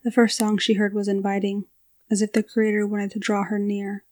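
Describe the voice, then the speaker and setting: Even-toned woman narrating a story. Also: medium pitch, normal speed.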